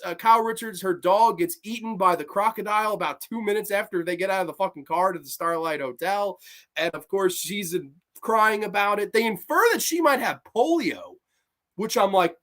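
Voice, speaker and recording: A horror movie show host giving a casual, profane review, rambling with restarts and swinging between low mutters and high excited outbursts. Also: moderate pace. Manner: rambling, with frequent restarts and "like" asides.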